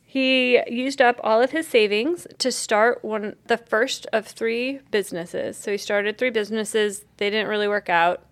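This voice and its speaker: Woman podcast host, casual chat, rambling with fillers, slightly high voice. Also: fairly even intonation, unhurried, hardly any pauses. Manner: rambling, filler-heavy storytelling. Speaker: podcast co-host presenting research.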